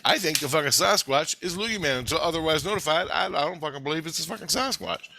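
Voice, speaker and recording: Excitable, profane man with a bright voice. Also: a little high, quick pace, vocal fry, a little hiss or hum. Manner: laughs often while talking. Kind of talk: rambling monologue to camera.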